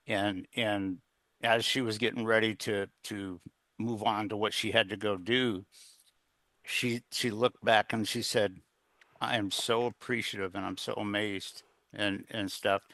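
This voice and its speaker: A man's voice: on the low side, steady tone, measured pace, pushed and bright, dry recording. A middle-aged man telling a personal story as a guest in an interview, rambling, with plenty of fillers and restarts. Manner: earnest, plain-spoken. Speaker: guest, executive coach.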